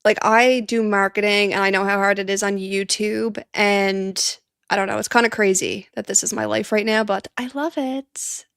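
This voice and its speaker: A woman hosting a casual live-stream watch party, chatting excitably and laughing often, teary and sniffly. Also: medium pitch, moderate pace, creaky, smooth, no room sound, studio quality.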